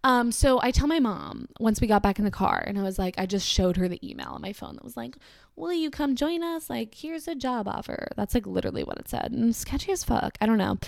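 A young woman in her twenties talks through a storytime in a loose, rambling way, full of fillers and asides. Her voice sits at an ordinary middle pitch. When she quotes others it leaps up high. The sound is dry and close, with no room around it. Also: fast, gravelly, few pauses, no echo. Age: 20s. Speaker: vlogger telling a personal story. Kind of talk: casual storytime.

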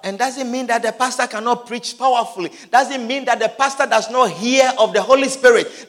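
A man preaching a sermon, emphatic and sing-song, swinging from soft asides to shouted peaks, with repeated call-and-response. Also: extremely high pitch, normal speed, few pauses. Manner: repetitive call-and-response style.

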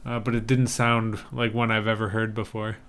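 A man's voice: fairly low pitch, little pitch movement, normal speed, a bit bright, clear, resonant tone. A man co-hosting a casual chat about movie trailers, talking in an easygoing, wry, thoughtful way. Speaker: podcast co-host.

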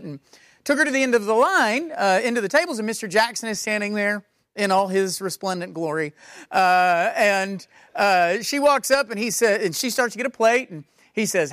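A man's voice: high-pitched, lively intonation, fairly quick, a bit bright, dry recording, clean studio sound. A male pastor telling a story to his congregation in a conversational, rambling way with many fillers and restarts. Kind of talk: sermon storytelling.

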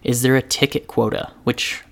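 A man co-hosting a podcast in casual chat, calmly reading a listener's email. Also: medium pitch, normal speed, gravelly. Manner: calm, reads listener email aloud. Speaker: podcast co-host.

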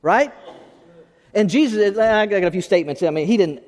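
A man's voice: high voice, expressive, normal speed, a little mellow. A man preaching a sermon as pastor, conversational, asking rhetorical questions and restarting his phrases. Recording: long hall reverb.

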